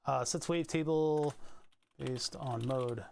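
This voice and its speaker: A man's voice: mid-range voice, slow pace, gravelly, a little mellow, slight background noise. A man from Pennsylvania hosting a casual live stream, thinking aloud as he works through code, rambling with restarts and asides. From Pennsylvania, USA.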